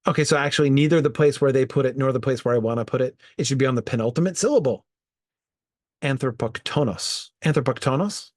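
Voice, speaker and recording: A man's voice: mid-range voice, racing, few pauses, no room sound, clean studio sound. A man leading an informal Bible study, thinking aloud and sounding out Greek words as he goes.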